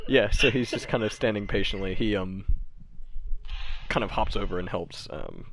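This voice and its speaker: A man running the game as a rambling game master who describes the scene with endless fillers and restarts. His voice sits fairly low. A faint hum of room ambience stays behind him. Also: lively intonation, normal speed, creaky. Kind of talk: narrating a tabletop game.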